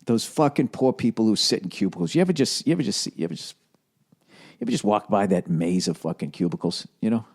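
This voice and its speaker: A man's voice: fairly low pitch, expressive, fast talker, vocal fry, darkish tone, breathy edge. A middle-aged man hosting a solo comedy podcast, profane and ranting, with a cough, recorded in an echoey home office. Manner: profane, ranting, jumps into mocking put-on voices. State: has a cough. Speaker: podcast host. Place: home office with some echo. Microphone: studio headphones and recorder.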